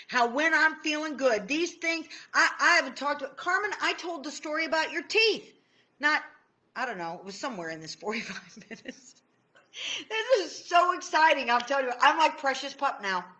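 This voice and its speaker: A woman tapping coach teaching on a live stream, bubbly and excitable, chatting with viewers by name. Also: high-pitched, moderate pace.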